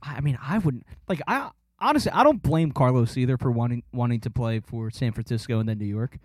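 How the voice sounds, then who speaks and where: A man chatting casually about sports on a podcast, animated and fond of doing impressions. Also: mid-range voice, fairly quick, dry recording. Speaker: podcast host.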